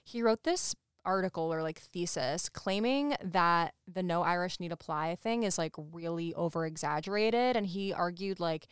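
A woman co-hosting a podcast in casual chat, talking fast and loose with plenty of "like" fillers. Her voice is low-ish and very smooth and clear. The sound is dry and close to the mic. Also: dry recording. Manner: chatty, lots of "like", laughs while talking. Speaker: podcast co-host. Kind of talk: casual chat recapping a show.

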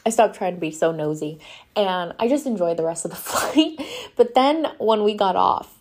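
A woman's voice: mid-range voice, expressive, moderate pace, noisy background. A woman hosting a podcast, telling a travel story in a chatty, casual way, full of "like" and laughter. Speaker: podcast host.

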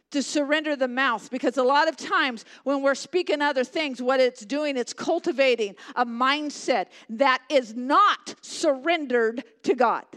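A woman delivers a sermon in a fairly high voice. She preaches with passion, rising to loud emphatic lines and dropping to hushed, near-whispered ones. She often repeats phrases for emphasis.

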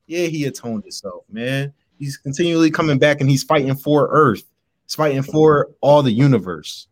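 A man's voice: medium pitch, lively intonation, normal speed. A man making his case in a casual debate, laid-back and rambling with plenty of fillers.

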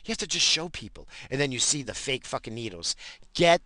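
A man's voice: mid-range voice, sing-song, fairly quick, bright, forceful tone, no room sound. A man, calling himself a stoner, ranting about conspiracies in heated, profane talk that keeps repeating itself. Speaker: self-described stoner.

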